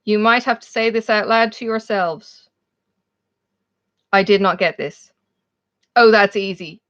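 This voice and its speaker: A woman's voice: medium pitch, unhurried, fairly bright tone. A woman with an Irish accent hosting a casual live chat, laughing often and calling out her viewers by name. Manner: chatty, laughs often, reads out viewers' names. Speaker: livestream host. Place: home, in Australia. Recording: dull lo-fi stream audio.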